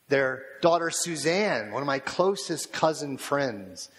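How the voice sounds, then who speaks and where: A man preaching a sermon as a pastor, talking in a slow, measured and reflective way and posing repeated questions to his listeners. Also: mid-range voice, a bit bright. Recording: long reverb of a large hall.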